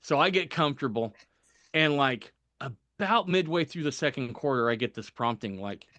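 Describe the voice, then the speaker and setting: Man, podcast guest, storytelling, animated quoted voices, mid-range pitch, dry sound. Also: moderate pace, no echo. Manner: chuckles through the funny parts. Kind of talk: personal storytelling.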